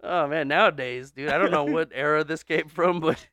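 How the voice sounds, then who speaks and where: Bright, crisp-voiced man telling a joke. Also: fairly high pitch, normal speed, no room sound. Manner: relaxed storyteller, laughs often. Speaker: podcast co-host. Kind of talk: casual chat, joke telling.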